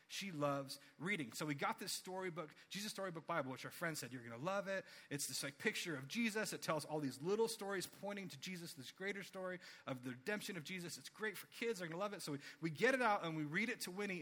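A man in his thirties gives a sermon in a bright, forceful voice, pitched a little high for a man. He talks in an earnest, conversational way and acts out quoted voices with lively jumps in pitch. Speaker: pastor.

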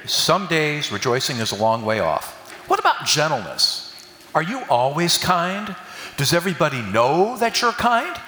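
In a church hall, an older preacher gives a homespun sermon full of jokes, trading call-and-response with his congregation. His voice is medium in pitch with a sharp tone, and the far-off, echoey recording carries a faint hiss or hum.

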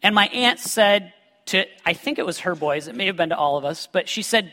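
A man preaches in a large hall, his voice high and bright, ringing with a long reverb. He weaves scripture with lively personal stories and tosses joking asides to the congregation. The delivery is animated and full of humor. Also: fairly quick. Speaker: pastor. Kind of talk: sermon with personal storytelling.

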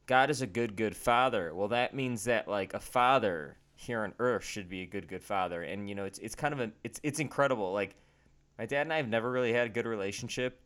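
A man's voice: mid-range voice, fairly bright tone. A man co-hosting a casual faith podcast, speaking in a candid, self-deprecating and earnest way. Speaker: podcast co-host.

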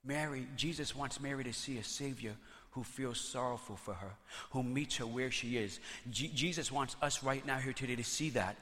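A man preaching a sermon as pastor, conversational and animated, telling stories with playful asides. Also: mid-range voice, moderate pace, in a large hall.

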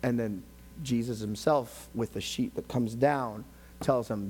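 A man preaching a sermon as a pastor. He alternates between quiet, slow phrases and fast, passionate passages, and acts out voices of biblical figures. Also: mid-range voice, husky. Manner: swings from quiet to loud, shouting passionately at peaks.

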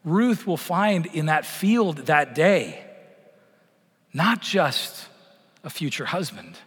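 A middle-aged man preaching a sermon, swelling loud on promises and sinking to a near-whisper at the ends of phrases. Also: fairly high pitch, big pitch swings, takes it slowly, husky. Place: church sanctuary. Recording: long church reverb.

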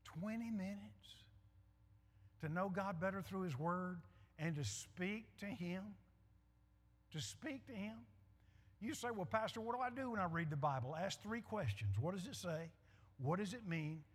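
A man's voice: high voice, lively intonation, measured pace, breathy edge. A middle-aged male pastor preaching a sermon with emphatic repetition and call-and-response. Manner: emphatic, repeats lines, call-and-response with the congregation. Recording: hall reverb.

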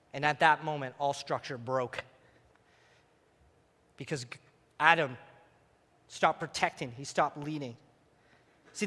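A man preaching a sermon as pastor, animated and playful, speaking to a congregation. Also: fairly high pitch, in a large hall. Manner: animated, preacherly, acts out voices. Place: church sanctuary.

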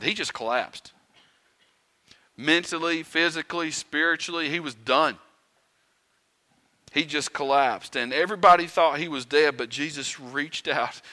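Male pastor, bright and forceful tone, conversational sermon with rhetorical questions. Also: mid-range voice. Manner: conversational preaching, rhetorical questions, dramatic quiet and loud swings. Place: church sanctuary.

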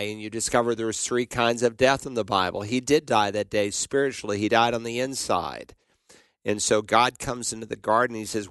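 A man with a fairly low, smooth, resonant voice explains scripture to a radio caller in a measured, teacherly way. The sound is close and dry, with no room around it. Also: a bit bright, no room sound. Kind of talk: call-in radio Bible teaching.

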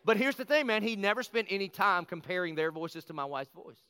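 A middle-aged man, a pastor, telling a personal story in a lively conversational sermon and acting out the quotes. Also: sits high, a little fast, clear, resonant tone, no room sound. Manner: animated, conversational, acts out quotes.

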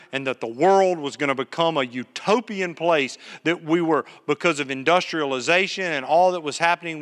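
Guy preaching a sermon in church, ringing bright voice, long echo. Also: a little high. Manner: earnest storytelling preacher, asks the congregation questions. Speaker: pastor. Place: church sanctuary, live service. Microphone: PA microphone.

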